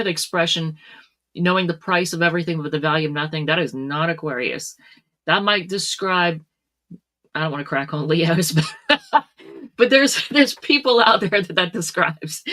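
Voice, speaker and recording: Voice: medium pitch, sharp tone. A tarot reader giving a casual reading to camera, chatty, with frequent laughs and plenty of fillers.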